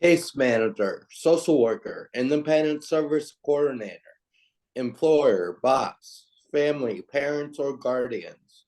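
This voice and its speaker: A man's voice: medium pitch, lively intonation, measured pace, darkish tone, low-quality recording. A man in a virtual training, reading a list of answers aloud carefully.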